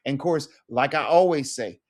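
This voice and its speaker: A man's voice: mid-range voice, normal speed. A middle-aged man teaching an online Spanish lesson, repeating phrases with rising emphasis.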